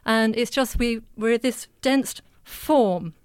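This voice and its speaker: A woman speaks calmly and earnestly, her voice smooth and clear. She sounds close and dry, with no room around her. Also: a little high, takes it slowly, dry recording. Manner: calm, earnest, explanatory. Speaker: animal communicator guest. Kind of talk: casual chat.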